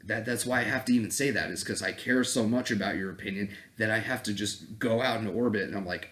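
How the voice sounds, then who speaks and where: Man, fairly low voice, casual rant to camera, blunt, swears a lot, laughing asides. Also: fast, hardly any pauses, fairly bright tone. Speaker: dating coach vlogger.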